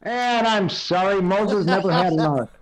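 A crowd murmurs behind this older man as he hosts his recurring guest segment on a casual video-call podcast, and the audio is poor. His voice is high-pitched and his pace measured while he rambles through stories and quiz questions, padding everything with fillers.

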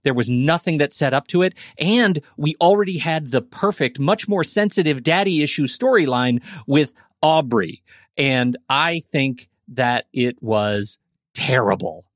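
A man's voice: medium pitch, expressive, unhurried, no room sound, clean studio sound. A man co-hosting a movie podcast, giving strong opinions and repeating words for emphasis. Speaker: podcast co-host. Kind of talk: casual movie review chat.

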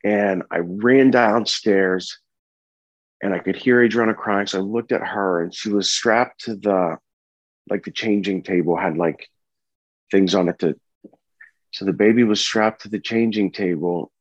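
A man telling the story of his wife's death and caring for their baby, speaking in an earnest, halting, somber way. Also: fairly low pitch, no room sound. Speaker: bereaved husband and father telling his story. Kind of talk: personal testimony. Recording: dull, dry lo-fi recording.

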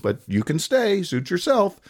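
A man's voice: wildly swooping pitch, measured pace, full character voice. A man doing a sly, sweet-talking giant's wife. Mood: teasing. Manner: sweetly mocking, higher put-on voice. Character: cool, clever Irish giant's wife, teasing.

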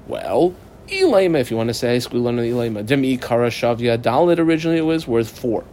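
Male Talmud teacher, mid-pitched, translates the text line by line for a small study group, faint background hiss. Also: big pitch swings, fast, a little mellow. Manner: explains step by step, asking and answering his own questions; reads Aramaic text and translates phrase by phrase. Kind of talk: Talmud class lesson.

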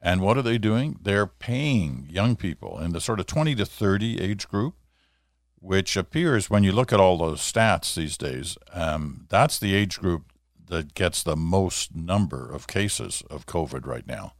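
A middle-aged man hosts a radio talk show from his small home studio. His voice sits very low, and the sound is dry and close. He talks in a loose, chatty way, full of asides and fillers. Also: animated, unhurried, dry recording. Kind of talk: casual talk radio monologue.

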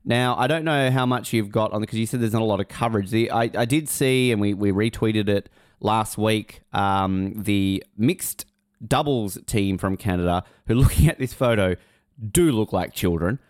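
Joking podcast co-host. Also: male voice, fairly low pitch, normal speed, clean tone, no room sound, clean studio sound. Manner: joking, rambling, many fillers. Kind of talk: casual podcast chat.

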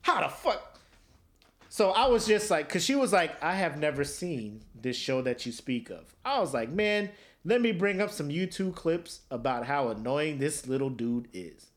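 Speaking a little high at a moderate pace, this podcast co-host tells animated stories during a casual comedic conversation. Now and then he slips into silly voices.

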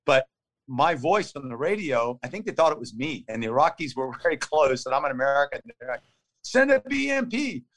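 A man's voice: medium pitch, a little fast, a bit bright. A man in his fifties sits for an interview. He gives an urgent, vivid play-by-play in short clipped phrases. He often restarts a thought as he goes. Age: 50s. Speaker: interview guest. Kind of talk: conversational storytelling.

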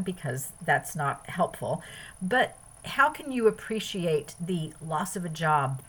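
A woman's voice: mid-range voice, expressive, unhurried, a bit bright, husky, low-quality recording. A woman hosting a podcast, giving an earnest spiritual self-help talk that runs through long lists of phrases. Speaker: podcast host.

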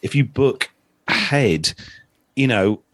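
A man's voice: medium pitch, expressive, takes it slowly, a bit bright, no echo. A man co-hosting a casual aviation podcast, from England, talking with many restarts and fillers. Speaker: podcast co-host.

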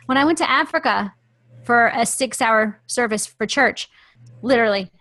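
A woman's voice: fairly high pitch, moderate pace, dry recording. Impassioned woman podcast host, dry sound. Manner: impassioned, animated storytelling. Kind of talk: faith-based podcast chat.

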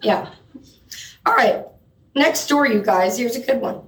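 A woman's voice: a little high, animated, unhurried, a bit bright, slight background noise. A woman co-hosting a comedy news segment on stage, joking and self-absorbed and urging the audience to laugh. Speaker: comedy co-host. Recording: echoey room from far off.

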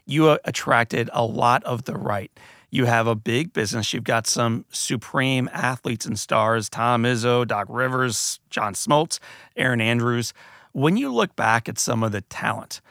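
A man's voice: mid-range voice, a little slow, fairly bright tone, no echo. Man, interview host, curious, dry close mic. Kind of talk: conversational interview.

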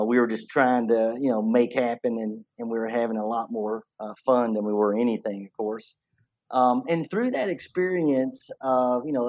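A man with a medium-pitched voice, guest on a podcast, recalls the start of his business in a relaxed, reflective way. The recording is dry and close. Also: no room sound. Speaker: distillery co-owner, guest. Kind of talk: casual interview.

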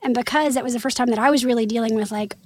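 A woman from Missouri in her thirties, a voice actress chatting in an interview, animated and quick with asides and laughter. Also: fairly high pitch, no room sound. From Missouri, USA. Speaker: voice actress guest. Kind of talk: casual interview chat.

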